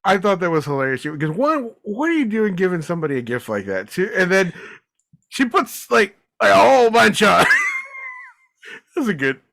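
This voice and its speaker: A man's voice: sits high, very animated, normal speed, gravelly, a bit bright. A man co-hosting a podcast in casual chat, laughing often and talking loosely. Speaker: podcast co-host. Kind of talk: casual chat about a TV comedy.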